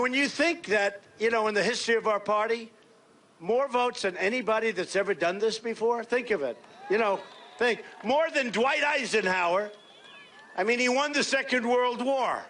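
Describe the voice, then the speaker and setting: A man giving a campaign rally speech as a political candidate, boastful and rambling, repeating himself in punchy short phrases that he often shouts. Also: very high voice, moderate pace. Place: large rally space.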